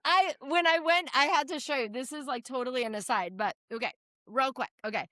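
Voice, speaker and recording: A woman from New Hampshire, a state legislator, telling stories in a blunt, profane, animated way during a casual podcast chat. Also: high-pitched, brisk, no room sound, clean studio sound. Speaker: state representative guest.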